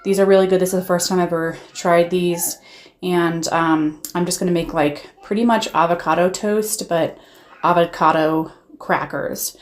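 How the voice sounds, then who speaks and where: A woman's voice: lowish voice, steady tone, normal speed. A woman vlogger narrating a casual voiceover, chatty and upbeat, with frequent "um"s as she gushes about her food. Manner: chatty, many "um"s, upbeat and gushing. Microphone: voiceover recorded while editing.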